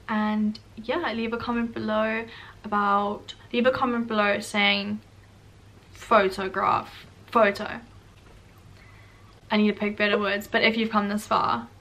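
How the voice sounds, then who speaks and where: Picked up by a distant mic, a young adult woman from South Africa vlogs in a mid-range, slightly bright voice with a South African English accent. She keeps things casual and self-deprecating, laughing a lot as she talks.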